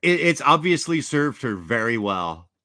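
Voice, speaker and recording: Sardonic man with lively pitch. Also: measured pace. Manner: sardonic, mocking. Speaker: commentary channel host. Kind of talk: mocking commentary over a clip.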